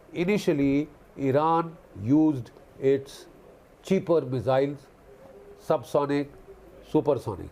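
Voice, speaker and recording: A man's voice: fairly high pitch, darkish tone. Indignant, emphatic male commentator. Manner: emphatic, repeats phrases for stress; indignant, lecturing tone. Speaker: guest commentator on a news channel. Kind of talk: impassioned political commentary.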